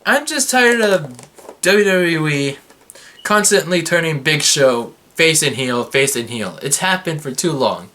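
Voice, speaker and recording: Recapping a wrestling episode for his channel, a young male vlogger talks in an unhurried, chatty manner. Sarcasm and excitement send his voice up and down across a wide range, with energy that comes and goes. He sounds like an enthusiast ranting to his viewers.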